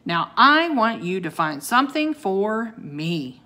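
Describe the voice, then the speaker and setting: A woman voicing a gruff, commanding old male ice wizard who bellows and growls. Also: mid-range voice, sing-song, slow, sharp tone, voice pushed up, exaggerated voice.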